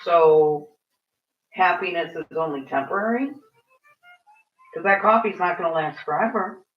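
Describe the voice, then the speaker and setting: A woman's voice: lowish voice, unhurried, dull audio, soft background music. Frank woman venting, distant roomy sound. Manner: frank, venting, swears freely. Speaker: vlogger. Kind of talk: casual rant.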